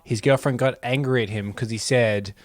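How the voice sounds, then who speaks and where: A man with an Australian accent, co-hosting a casual podcast over a remote recording, playful and quick to act out little scenes. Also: mid-range voice, fairly even intonation, no room sound. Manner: playful storyteller, mimics others' voices. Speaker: podcast co-host.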